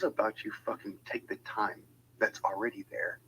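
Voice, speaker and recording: Heated man, deep sharp voice, swearing and combative, ranting monologue. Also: fairly even intonation, normal speed, slight background noise, poor audio. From United States. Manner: heated, profane and confrontational. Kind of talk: angry monologue.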